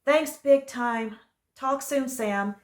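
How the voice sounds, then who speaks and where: Polite young archaeologist lady, a bit halting, stutters some, a woman reading her out. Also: sits high, voice pushed up. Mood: hesitant. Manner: halting, stuttering when startled.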